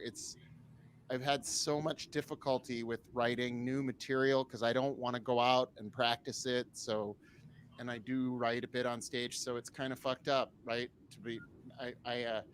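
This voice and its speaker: A man's voice: on the high side, a bit bright, a little hiss or hum. A man doing a rambling, self-deprecating stand-up set, often laughing at his own jokes. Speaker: stand-up comedian.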